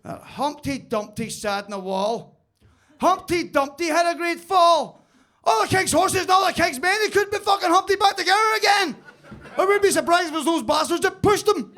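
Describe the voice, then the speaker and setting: A man's voice: high-pitched, normal speed, pauses often, natural voice. A man playing a ranting Northern Irish man reading a bedtime story, with a Northern Irish accent. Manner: shouting, speeding up.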